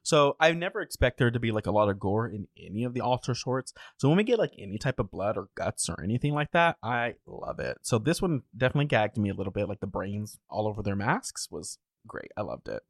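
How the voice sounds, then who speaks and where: A man's voice: lowish voice, vocal fry, dry recording, clean studio sound. A man co-hosting a podcast, chatting casually and expressively, full of "like" and the odd swear word. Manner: quick, expressive, lots of "like", swears. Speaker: podcast co-host. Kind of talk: casual chat.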